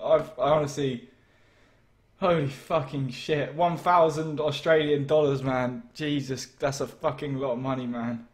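A man's voice: medium pitch, steady tone, a little slow, echoey room. A young man live streaming, overwhelmed and emotional, shaking as he stammers out exclamations and swears.

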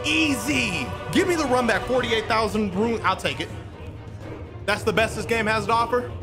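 Excitable high-voiced male gamer. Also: moderate pace. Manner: excitable, trash-talking, loud outbursts. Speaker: gaming streamer. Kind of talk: gameplay commentary. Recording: loud game music behind.

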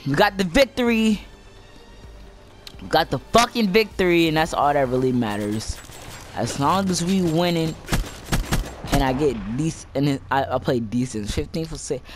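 A young man hosting a gaming channel, giving excitable live commentary while he plays, cursing constantly and jumping from shouts to muttering. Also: fairly high pitch, normal speed, pauses often, over music.

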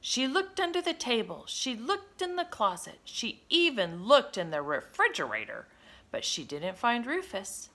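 A woman reading a children's picture book aloud in an expressive, sing-song manner. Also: on the high side, a little slow. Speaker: storybook reader. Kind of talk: children's read-aloud narration.

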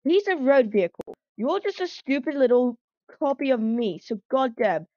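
A furious male train engine, played by a woman, loud, aggressive and swearing. His voice swings sharply in pitch. The recording is dull and dry. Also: sing-song, moderate pace, dry recording.

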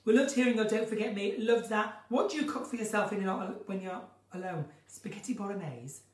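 Streaming from a room at home that looks onto her garden, a northern English woman reads viewers' questions aloud and answers with chatty theatricality. She speaks fairly quickly in a mid-range, slightly mellow voice, with roomy, distant home-stream audio.

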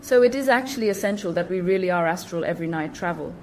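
A woman's voice: on the low side, animated, fast, slight background noise. A woman hosting a spiritual channel, explaining things in a casual monologue with emphatic repetition and awkward phrasing.

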